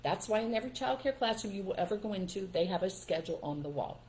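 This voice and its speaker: An older woman hosting a live stream, giving parenting advice in a relaxed, emphatic way and acting out what to say to children. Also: medium pitch, quick pace, a little hiss or hum. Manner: emphatic and instructive, acts out what parents should say.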